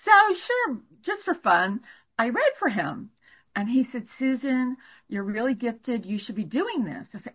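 Older lady astrologer guest, kinda husky, higher voice, dull lo-fi sound. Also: unhurried. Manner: animated, laughs while telling stories. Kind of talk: storytelling in a podcast interview. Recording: dull lo-fi recording.

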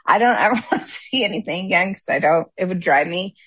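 Lively laughing woman, dry close sound. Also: on the low side, quick pace, breathy edge, no echo. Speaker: podcast co-host. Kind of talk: casual podcast chat.

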